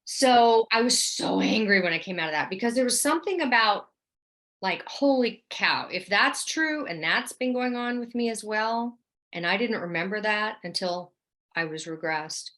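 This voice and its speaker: Animated storytelling woman from New Orleans. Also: medium pitch, normal speed. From New Orleans, USA. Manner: animated, vivid storyteller, often says "like" and "right?". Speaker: interview guest. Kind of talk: casual storytelling in an interview.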